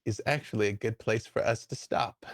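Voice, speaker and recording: A man narrating as dungeon master, in a relaxed, chatty storytelling way with plenty of fillers. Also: on the low side, moderate pace, no room sound, clean studio sound. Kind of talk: narrating a tabletop game.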